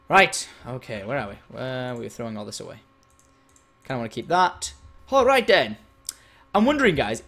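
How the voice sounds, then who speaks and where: A young man playing a game on camera for viewers, excitable, swearing freely and breaking into shouts. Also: fairly high pitch. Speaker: gaming video host.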